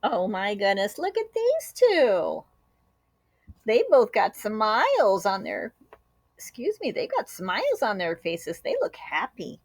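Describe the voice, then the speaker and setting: A woman teacher reading a picture book aloud to children. She tells it with animated storytelling and adds short asides and sound effects. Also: medium pitch, takes it slowly, no room sound.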